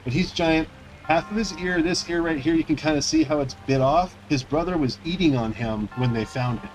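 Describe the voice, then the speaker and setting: A man's voice: fairly high pitch, fairly quick, soft background music, rough recording. A man who streams games, chatting casually while he plays in a loose, rambling way with lots of fillers. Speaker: gaming streamer. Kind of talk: casual chat while playing.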